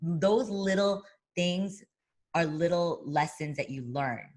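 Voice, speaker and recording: A woman with a low-pitched voice chats as a guest in an interview, telling stories about her broadcasting work. She talks freely, with fillers and restarts, and slips into the voices of people she quotes. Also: slow. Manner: lively storyteller who acts out quoted voices. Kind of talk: casual interview chat.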